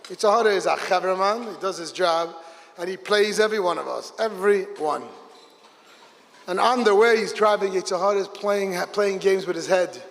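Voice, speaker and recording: A man, a rabbi, telling a story at a Hasidic gathering, lively and acting out the people in it. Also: high voice, normal speed, gravelly. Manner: animated, voices characters in the story. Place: large hall with a gathered audience. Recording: long hall reverb.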